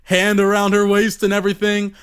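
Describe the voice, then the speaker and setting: High-voiced man telling a rambling, profane story. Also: completely flat delivery, a little fast, a bit bright, clean tone. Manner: rambling and profane, full of "you know" fillers. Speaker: podcast storyteller.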